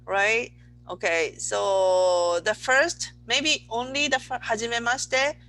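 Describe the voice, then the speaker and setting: Patient Japanese-accented woman teaching slowly. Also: medium pitch, pushed and bright, slight background noise, rough recording. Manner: patient, repeats words slowly, asks "okay?" often. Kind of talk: online language lesson.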